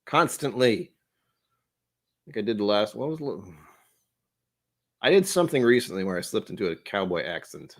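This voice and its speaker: A man's voice: on the low side, lively intonation, moderate pace, long pauses. A man vlogging a casual whiskey tasting, rambling and self-deprecating with chatty asides.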